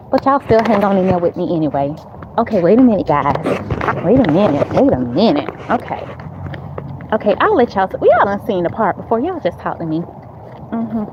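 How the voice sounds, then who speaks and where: Walking to her car outside, a livestream host talks into the phone in her hand with a medium-pitched, sing-song voice at normal speed, leaving long pauses. She's chatty, responds to viewers' messages, and laughs and uses fillers a lot. The phone audio sounds dull, with noise from outside.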